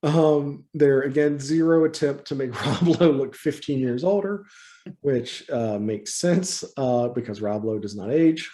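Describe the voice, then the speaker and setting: A man's voice: mid-range voice, unhurried, dark tone. A man guesting on a movie review chat, talking casually and animatedly, laughing often and ranting in exasperation.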